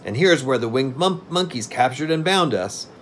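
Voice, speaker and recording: A man reading aloud and voicing a kindly, wise scarecrow king in a gentle, soothing tone. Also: medium pitch, lively intonation, normal speed, slight background noise, pitched above the performer's own voice, lightly acted.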